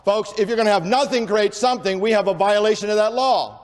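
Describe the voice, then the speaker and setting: A man giving an emphatic preaching lecture to an audience, talking in long unbroken runs with few breaths and slowing down on key points. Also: high voice. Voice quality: says he has a speech impediment and talks without pausing for breath. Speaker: creationist speaker. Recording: long hall reverb.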